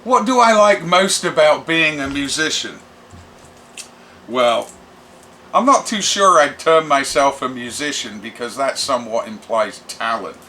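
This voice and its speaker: A middle-aged man, a rock musician telling stories in a brash, animated interview. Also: medium pitch, a little slow, slight background noise. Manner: brash, animated, does voices for quoted people. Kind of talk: casual storytelling interview.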